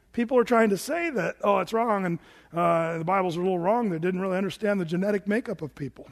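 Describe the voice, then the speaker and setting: A man preaching a sermon as pastor, animated and emphatic, slipping into quoted voices as he reads and jokes. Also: high-pitched, fast, vocal fry. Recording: long hall reverb.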